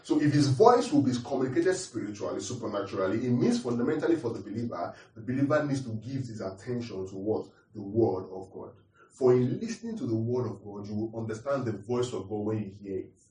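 A man's voice: mid-range voice, animated, fairly quick, dark tone. A man preaching a teaching sermon, repeating his points and asking the congregation questions. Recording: roomy echo, distant mic.

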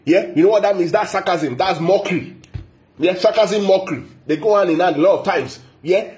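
A pastor delivers a teaching sermon in a high, darkish voice, speaking a little fast. He is emphatic and repetitive, often turning to the congregation with a "yeah?" to check in.

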